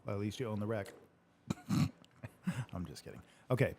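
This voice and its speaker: A man's voice: lowish voice, lively intonation, a little slow, vocal fry, a little mellow, a little hiss or hum. A man hosting a casual livestream Q&A, joking, laughing often and swearing freely. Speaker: livestream Q&A host. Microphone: livestream microphone.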